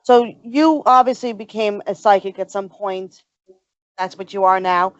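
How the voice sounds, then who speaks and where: A woman's voice: medium pitch, measured pace. Woman podcast host asking questions, casual and chatty, midrange voice, dull muffled sound. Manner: chatty, encouraging listener. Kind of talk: casual interview chat.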